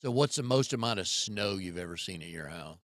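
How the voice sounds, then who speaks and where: A man's voice: low voice, animated, a little fast, a bit bright, dry recording, clean studio sound. A man hosting a casual interview, asking curious questions and giving brief affirmations. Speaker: interview host.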